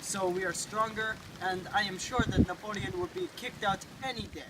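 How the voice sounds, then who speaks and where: An earnest exiled guerrilla rebel, played by a young man, halting with fillers. His voice sits high. Heavy outdoor noise and rain spoil the amateur recording. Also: close to an everyday voice. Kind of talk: amateur comedy sketch acting.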